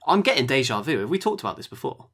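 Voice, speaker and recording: A man's voice: medium pitch, big pitch swings, rapid-fire, a bit bright, breathy edge. A man hosting a podcast, reviewing matches in a rambling casual chat that often trails off. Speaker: podcast host.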